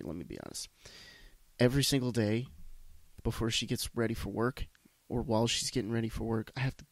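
Recorded dry on a podcast microphone, a man with a lowish voice hosts a solo podcast. Congested from a sinus problem, he rambles casually, swearing and poking fun at himself.

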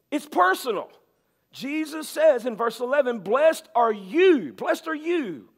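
A male pastor with a drawl preaching in a notably high voice. He hammers key words again and again and swings between loud bursts and quiet asides. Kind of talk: sermon.

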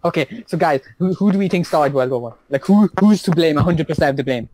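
A man's voice: on the high side, lively intonation, fairly quick, a little mellow, slight background noise, low-quality recording. A young man in casual podcast banter, brash and profane, stumbling over his words. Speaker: podcast co-host.

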